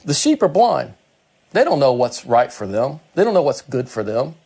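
A man preaching a sermon, reading scripture verse by verse and explaining it in his own words, slowing down for quoted lines and speeding up when he acts out a character. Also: sing-song, creaky, warm tone, breathy edge. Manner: slows right down for quoted words, speeds up and climbs in pitch when acting out Peter.

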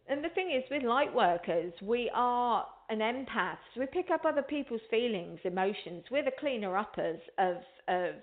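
A woman hosting a spiritual talk show, chatting in a rambling way and speaking straight to her listeners. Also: a little high. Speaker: radio show host. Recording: tinny phone line.

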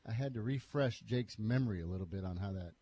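A man's voice: fairly low pitch, fast talker, mellow, husky. A man co-hosting a morning sports radio show, leading segments in casual talk.

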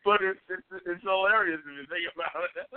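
A man's voice: high-pitched, fairly quick, dry recording. A man hosting a casual chat, exclaiming and laughing often as he teases and sympathizes. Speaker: podcast host. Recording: dry, phone-like sound.

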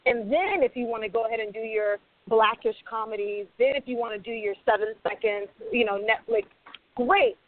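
A woman's voice: fairly high pitch, moderate pace, dry recording. Emphatic woman on a tinny line. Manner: emphatic, acts out quoted dialogue. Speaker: screenwriter on a panel. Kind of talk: animated panel discussion. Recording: tinny phone-like audio.

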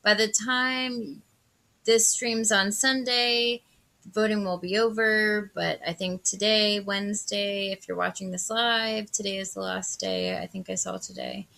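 A woman co-hosts a relaxed chat and chimes in with frequent agreement. Her voice is bright and a bit gravelly, at a middle pitch. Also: a little slow. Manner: supportive listener, frequent agreeing. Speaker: co-host. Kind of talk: casual chat.

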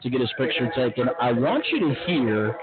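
Hushed, casual male racing host, trackside stage outdoors, tinny phone-like sound, mid-pitched voice. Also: big pitch swings, a little fast. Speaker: podcast host. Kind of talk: live racetrack broadcast chat. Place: outdoor stage on a racetrack finish line.

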